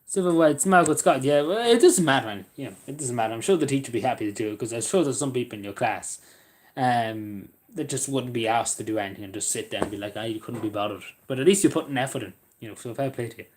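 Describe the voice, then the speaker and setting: A man's voice: medium pitch, lively intonation, fast talker. A young Irish man chatting casually on a live stream, rambling with stumbling restarts and talking to viewers by name. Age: young adult. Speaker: live streamer reading chat.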